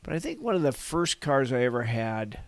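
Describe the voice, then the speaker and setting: A man in his sixties from Northern California, reminiscing as a podcast guest. His voice sits at an ordinary middle pitch and is recorded dry and close. He wanders through his stories with folksy asides and chuckles at his own tales. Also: big pitch swings, fairly quick, no echo. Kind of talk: casual reminiscing storytelling.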